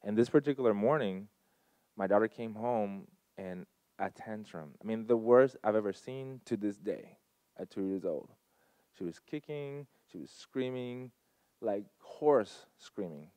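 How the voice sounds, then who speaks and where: At a community gathering, a man with a lowish, expressive voice speaks a little slowly, with no room sound. He tells a live audience personal stories in an earnest, heartfelt manner, with emphatic changes in loudness.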